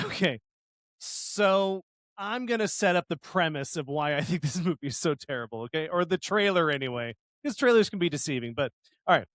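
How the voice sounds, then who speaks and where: A man co-hosting a casual podcast, animated and laughing often as he acts out scenes. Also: high voice, clean tone, dry recording. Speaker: podcast co-host.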